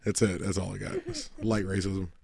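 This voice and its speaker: A man co-hosting a casual sports podcast, trading fast, profane, joking banter. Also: low-pitched, level tone, gravelly, darkish tone, slightly rough. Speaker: podcast co-host.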